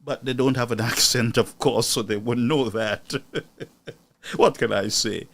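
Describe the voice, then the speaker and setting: A man's voice: medium pitch, measured pace, gravelly, fairly bright tone. A man delivering indignant, mocking political commentary as a news show host.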